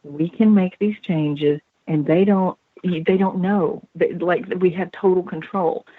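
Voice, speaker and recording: A woman voicing a dark, menacing spirit with a deep, raspy, throaty voice, heard over a tinny phone line. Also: steady tone, unhurried, no echo. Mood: taunting.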